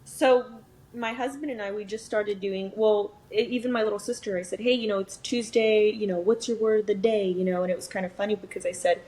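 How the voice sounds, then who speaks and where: Young woman, podcast co-host, casual chat, lots of "like" and "you know", mid-pitched. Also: steady tone, brisk, mellow, poor audio. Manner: chatty, says "like" and "you know" often.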